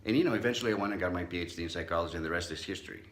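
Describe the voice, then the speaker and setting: A middle-aged psychologist from Southern California, whose first language isn't English, gives a motivational talk and tells a personal story, acting out the voices he quotes. His voice sits low and races. The recording is reverberant.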